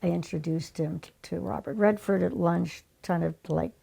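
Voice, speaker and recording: An older woman telling stories as an interview guest, animated and conversational. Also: lowish voice, moderate pace, gravelly, breathy edge. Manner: animated, conversational, acts out remembered exchanges. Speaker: guest, former casting director. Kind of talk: storytelling in conversation.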